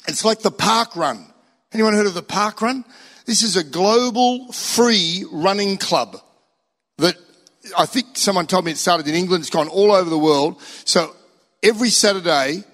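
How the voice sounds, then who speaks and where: Animated pastor, high voice, hall echo. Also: male voice. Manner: animated, acts out inner voices and song leader. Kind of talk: sermon. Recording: long hall reverb.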